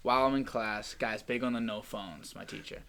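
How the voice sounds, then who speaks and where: A young man hosting a casual podcast chat, animated and joking as he tells stories. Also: mid-range voice, normal speed, clean tone. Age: young adult. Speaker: podcast host.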